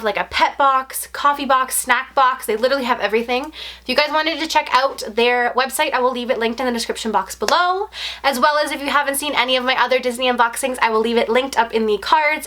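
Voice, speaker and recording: A young woman vlogging an unboxing, talking casually and gushing with excitement. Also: on the high side. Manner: gushing, breathless and effusive.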